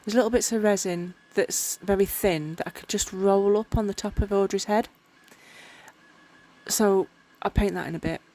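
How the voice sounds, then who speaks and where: A woman's voice: medium pitch, steady tone, normal speed, warm tone. A tired woman chatting casually while crafting, rambling and often tripping over her words. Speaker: miniature crafter. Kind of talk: casual crafting vlog narration.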